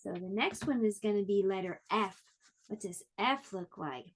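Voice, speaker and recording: A woman is teaching a pre-K class online, her voice gentle and encouraging as she sounds out words clearly for small children. She speaks at a medium pitch and a moderate pace.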